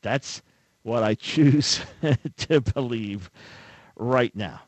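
A man's voice: mid-range voice, very slow, breathy edge, no room sound, rough recording. A man hosting a radio call-in talk show, speaking in an earnest, conversational way on a studio microphone. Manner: earnest, conversational, acts out imagined callers.

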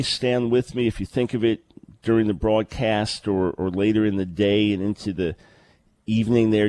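Male radio host, low earnest voice, dry close sound, conversational with word repeats. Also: no echo. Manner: earnest, conversational, repeats words when starting sentences. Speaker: radio talk show host. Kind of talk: live call-in radio talk. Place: remote location, early morning.

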